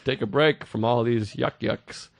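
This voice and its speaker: A man's voice: mid-range voice, fairly even intonation, a little slow, creaky, dry recording. A man co-hosting a podcast in casual chat, a crude, joking storyteller who acts out what other people said. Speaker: podcast co-host. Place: podcast studio.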